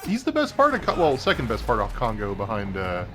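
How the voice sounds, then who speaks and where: A man co-hosting casual gaming commentary, animated and wry. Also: on the low side, fairly quick. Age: adult. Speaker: co-host.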